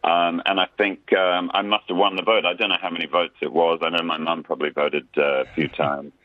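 A man's voice: sits low, level tone, brisk, no room sound. A man, a musician guest chatting casually and self-deprecatingly in a radio interview. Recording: dry tinny phone line.

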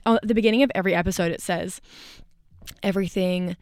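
A woman co-hosting a podcast in casual chat, talking in a chatty, bubbly way with quick asides. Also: mid-range voice, no echo, studio quality. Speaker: podcast co-host.

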